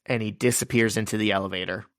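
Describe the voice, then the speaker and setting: A man's voice: on the low side, steady tone, quick pace, no echo, clean studio sound. A man co-hosting a podcast, casually walking through a comic's scenes with crude jokes along the way. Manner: crude, joking, recounts scenes in order. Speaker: podcast co-host. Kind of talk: casual chat recapping a comic.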